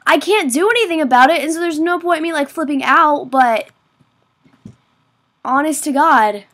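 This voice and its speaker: A woman giving casual gameplay commentary, excitable and quick to exclaim, often mocking herself. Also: high-pitched. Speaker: gaming video creator.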